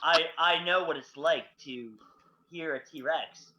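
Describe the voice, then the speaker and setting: A man's voice: a little high, takes it slowly. A young man co-hosting a podcast, telling stories in casual chat with lots of fillers. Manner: lively storytelling, many fillers. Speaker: podcast co-host. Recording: dull lo-fi sound.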